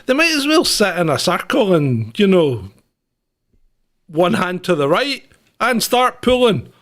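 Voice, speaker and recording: A man's voice: sits high, sing-song, unhurried, a bit bright. A man co-hosting an irreverent news chat, sardonic and mocking, often laughing. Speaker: podcast co-host.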